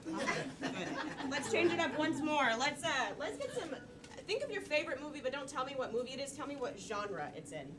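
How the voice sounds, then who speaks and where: A woman with a high voice emcees a live improv show from a theater stage, upbeat and joking as she works the audience. She sounds distant from the mic, with noise in the room around her. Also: very animated, a little fast, a crowd in the background. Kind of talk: live improv hosting, taking audience suggestions.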